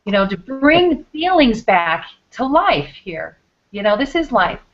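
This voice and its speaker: A woman's voice: a little high, very animated, unhurried, lo-fi sound. A woman hosting a talk show, earnest and meandering, with many fillers. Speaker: show host.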